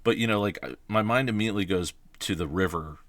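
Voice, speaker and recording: A man with a very low voice chats about running tabletop games on a podcast. He speaks thoughtfully and often restarts his phrases, and the sound is dry and close. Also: quick pace, fairly bright tone, no room sound. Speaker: game master, podcast speaker. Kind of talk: casual podcast chat.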